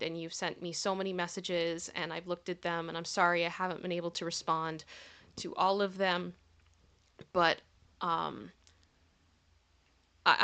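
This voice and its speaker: A woman hosting a casual livestream, chatting warmly with viewers and thanking them by name, sometimes giggly. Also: fairly low pitch. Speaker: livestream host.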